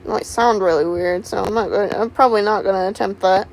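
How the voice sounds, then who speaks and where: A woman's voice: medium pitch, quick pace, vocal fry, poor audio. A woman streaming live, chatting casually with a giggly, rambling manner. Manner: giggly, rambling, repeats words.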